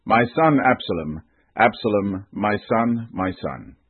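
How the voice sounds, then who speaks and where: A man's voice: on the low side, animated, a little slow, breathy edge, dry recording, phone-quality sound. A man voicing a grieving king mourning his son, in a Bible reading.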